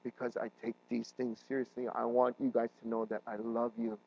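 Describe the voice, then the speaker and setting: A man preaching a sermon as a pastor, earnest and emotional, his voice building to loud emphatic peaks. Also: mid-range voice, monotone, a little fast, gravelly, dull audio. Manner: emotional, voice rising and breaking while retelling a crisis.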